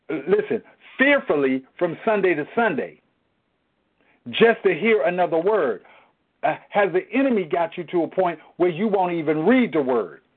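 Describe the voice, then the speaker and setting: A man teaching a church Bible study, preaching emphatically with repetition and rhetorical questions. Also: fairly high pitch. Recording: tinny phone-like sound.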